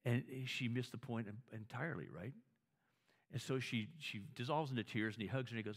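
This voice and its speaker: Speaking at medium pitch and a little fast, this man delivers a story-driven, conversational sermon. He often restarts phrases, repeats words, and checks whether his listeners agree with him.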